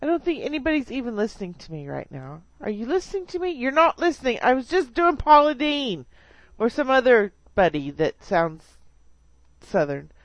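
Brief: giggly woman radio host, slightly high voice, dry close mic. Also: very animated, normal speed, no echo. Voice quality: chatty, giggly, playful. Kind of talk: casual radio banter.

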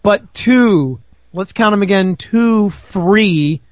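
A man with a high voice chats as a guest on a live stream, joking and rambling, stumbling over his words and restarting often. The sound is dry and close, with no room around it. The line is slightly muffled and lo-fi. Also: takes it slowly, no room sound. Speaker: podcast guest. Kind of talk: casual banter on a live stream call.

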